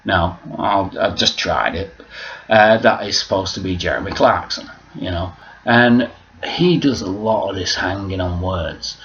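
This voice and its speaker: A low-voiced man in a casual vlog, rambling loosely and swearing freely. The recording is dull and lo-fi. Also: measured pace, a bit bright. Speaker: vlogger.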